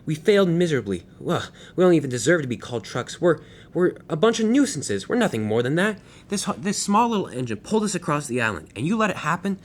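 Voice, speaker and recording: A man's voice: a little high, very animated, fast talker, hardly any pauses, pitched above the performer's own voice. A man voicing a bossy, troublemaking freight truck in a storybook tale, scolding the others. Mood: angry.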